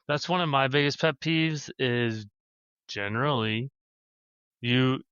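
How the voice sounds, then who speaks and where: A man's voice: mid-range voice, a bit bright, clear, resonant tone, dry recording, dull audio. A man co-hosting a casual podcast, laid-back and blunt, swearing casually. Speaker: podcast co-host.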